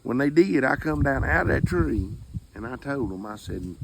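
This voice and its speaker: A man's voice: mid-range voice, lively intonation, moderate pace, gravelly, noisy background. A man telling a comic hunting story in a drawling, folksy way. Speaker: storyteller comedian.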